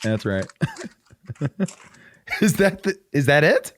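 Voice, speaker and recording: A man's voice: on the high side, big pitch swings, slow. A man co-hosting a casual film podcast, playful and joking as he banters with his co-host.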